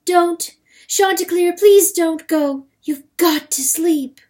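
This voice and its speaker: Woman reading as an anxious hen wife, high-pitched and pleading, for a storybook reading. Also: slow pace, warm tone. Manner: urgent, imploring.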